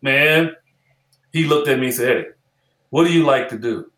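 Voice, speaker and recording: A man in his sixties, a former player turned analyst, tells stories in an interview chat. His voice is bright and forceful, and he acts out quoted lines and repeats phrases for emphasis. The recording sounds roomy and echoey. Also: medium pitch, normal speed. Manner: animated storyteller who acts out quoted dialogue and repeats phrases. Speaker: former basketball player and analyst as podcast guest.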